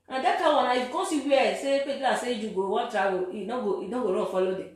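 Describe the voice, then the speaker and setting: High, animated, emphatic Nigerian woman. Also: fairly quick. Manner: emphatic, preachy, repeats her phrases. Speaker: social commentator. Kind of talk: impassioned monologue to camera. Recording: very echoey room.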